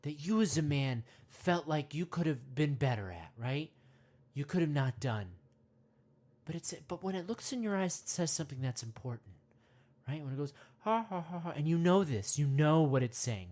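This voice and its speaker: Low-voiced woman as a mock meditation guide: soothing, slow, rambling. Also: mellow.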